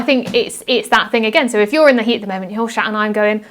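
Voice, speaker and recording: A woman's voice: on the high side, fast talker, fairly bright tone. A woman being interviewed on a podcast, talking earnestly and reflectively about handling conflict, often acting out example phrases. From United Kingdom. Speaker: podcast guest. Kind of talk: casual interview chat.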